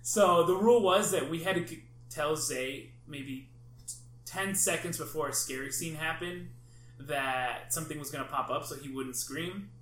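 Animated storytelling man, echoey room. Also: on the high side, normal speed. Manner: animated, swears, acts out friends' reactions. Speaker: podcast host. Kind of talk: casual chat, storytelling. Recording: echoey room, faint background hum.

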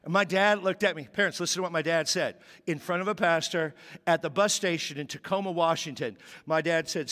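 A man in his fifties preaching a sermon, telling a childhood story with candid, animated quotes. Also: high-pitched, brisk. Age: 50s. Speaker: pastor. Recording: long reverb of a large hall.

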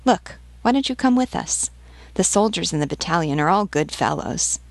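A woman's voice: fairly low pitch, animated, moderate pace, vocal fry, no echo. A woman reading a chatty soldiers' canteen woman. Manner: talkative, friendly, outspoken.

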